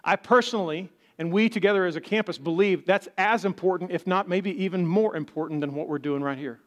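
A pastor delivers his sermon in a high, light voice for a man. He preaches in a conversational way and slips into the voices of doubters to make his point. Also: fairly quick, lo-fi sound. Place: church.

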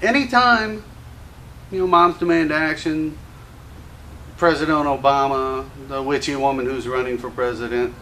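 Gun shop owner, male, high-pitched, combative and profane on-camera rant. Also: a little slow, noisy background. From Louisiana. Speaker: gun store owner and show host. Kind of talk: ranting commentary to camera.

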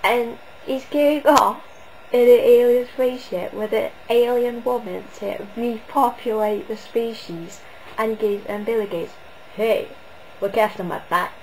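A woman's voice: fairly high pitch, measured pace, a little mellow, a little hiss or hum, low-quality recording. A woman giving a casual, rambling spoken review, often hesitating and restarting.

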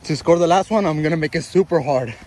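A man's voice: fairly high pitch, fast talker, warm tone. A man in his thirties filming a casual family vlog while playing soccer outdoors with his kids on his phone, laughing often, teasing them, and out of breath. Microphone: phone held while playing.

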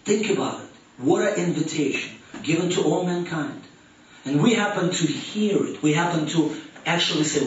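A man preaching a sermon as youth pastor, swinging between rising emphatic questions and soft, low drops. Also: moderate pace, slight background noise. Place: church hall. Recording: echoey, distant, dull church room recording.

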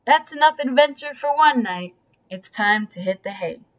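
A woman reading a bedtime story aloud in a gentle, storytelling manner. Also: fairly high pitch, animated, moderate pace. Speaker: storybook reader.

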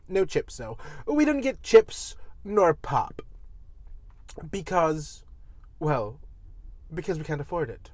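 A woman's voice: sits low, very animated, slow pace, pauses often, darkish tone. A woman food vlogger eating on camera, casually chatting with her mouth full while she chews, with playful, teasing asides to viewers. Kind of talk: eating vlog with casual chat.

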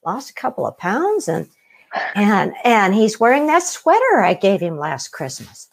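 A middle-aged woman telling her own story as an interview guest, animated, laughing often and acting out what others said. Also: medium pitch, a little slow, creaky, husky. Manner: animated, laughs often, acts out quoted voices. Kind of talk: personal story in conversation.

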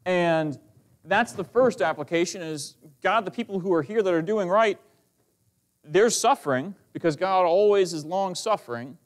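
A man's voice: high voice, moderate pace. A male pastor preaching a fervent sermon, reading old scripture verses aloud between his comments. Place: church sanctuary.

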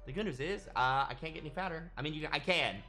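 A young man giving excited gameplay commentary as a streamer, with an animated delivery that jumps into high yelps and shouts. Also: fast talker, soft background music. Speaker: gaming streamer.

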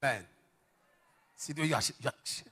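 A male pastor preaching a sermon, emphatic, with sudden shouted lines and questions thrown to the congregation. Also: medium pitch, fast talker, breathy edge.

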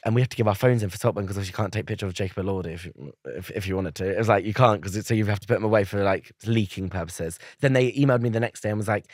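A young man talking fast as an interview guest, recorded dry and close. He tells his story in a lively way, acting out other people's lines and laughing often. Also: lowish voice, no echo.

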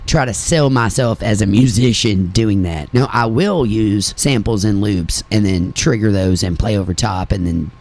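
A man from Kentucky speaks with a light country accent in a relaxed interview chat. His voice sits on the low side, and he talks bluntly and keeps laughing between his points. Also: moderate pace, few pauses. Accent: slight Kentucky country. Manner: blunt, chatty, laughs often. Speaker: radio interview host and musician.

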